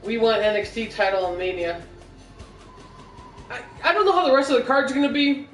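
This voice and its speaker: A man's voice: very high voice, very animated, fairly quick, fairly bright tone, recorded from a distance. A man from the US Midwest co-hosting a casual wrestling podcast, with joking, laughing banter. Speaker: podcast co-host. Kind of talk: casual chat. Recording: echoey room from afar, faint music.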